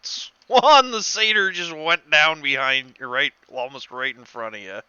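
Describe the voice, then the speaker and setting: A man running a tabletop game as game master, talking in a halting way and laughing easily. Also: on the high side, pushed and bright, clean tone, no room sound, lo-fi sound.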